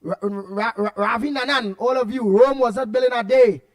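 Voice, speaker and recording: Trini guy on the radio, real high voice, chatty, repeats himself a lot. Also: normal speed. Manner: animated, repetitive, laughs often, loud outbursts. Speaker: radio talk show host. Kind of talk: casual radio chat reading listener comments.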